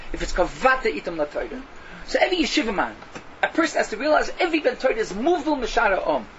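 Animated rabbi. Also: male voice, high-pitched. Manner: animated, scolding, mixes Yiddish and Hebrew phrases. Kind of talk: Torah lecture. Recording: dull lo-fi recording with faint noise.

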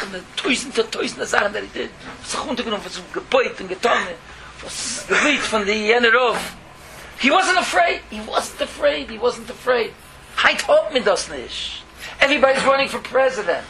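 A man's voice: extremely high pitch, fast talker. A man telling a religious story in a Torah talk, repeating phrases for emphasis. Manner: animated, repeating phrases, mixing languages.

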